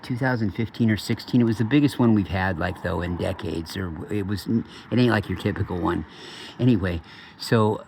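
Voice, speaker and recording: A man with a low, gravelly voice talks off the cuff for his channel. He swears freely and wanders from one aside to the next, circling back to finish his story. It sounds like loose, unscripted monologue talk. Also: slight background noise. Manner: profane, digressive storyteller. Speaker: channel host. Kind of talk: rambling casual monologue.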